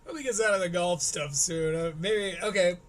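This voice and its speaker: Wry streamer with a Michigan accent, slightly high voice, a faint hiss under it. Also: male voice, a bit bright. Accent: Michigan Midwestern. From Michigan, USA. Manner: wry, chatty, quick asides. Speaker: streamer reacting to a comedy special. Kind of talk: live-stream commentary.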